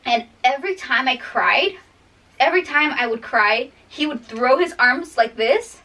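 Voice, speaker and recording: A woman's voice: high voice, animated, a little slow, sharp tone, far from the mic. A young woman telling a personal story in a casual, rambling way, laughing often. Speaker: vlogger.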